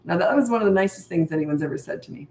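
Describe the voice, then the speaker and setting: An older woman with a lowish voice talks chatty and emphatic, answering viewers' questions as a parenting coach on a live stream and hammering her main points home. The room around her gives a clear echo. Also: very fast, a little mellow, a little hiss or hum.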